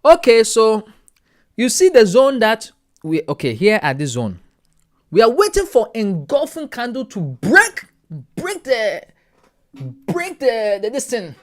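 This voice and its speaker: A man's voice: huge pitch swings, exaggerated voice. A man putting on an exaggerated African-accented trading teacher. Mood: mock lecturing. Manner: high, halting, slow and theatrical.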